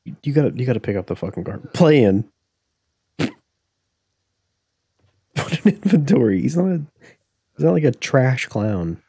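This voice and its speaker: Young male streamer, foul-mouthed and jokey, warm husky voice, dry close sound. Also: medium pitch, big pitch swings, moderate pace, pauses often, no echo. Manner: profane, joking, laughs often. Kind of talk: casual live-stream commentary while playing.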